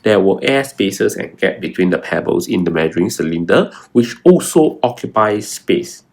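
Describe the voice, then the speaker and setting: A man's voice: on the low side, very animated, normal speed. A young adult man, walking through a science exam paper and stressing key words again and again. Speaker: science tutor. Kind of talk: exam walkthrough lesson.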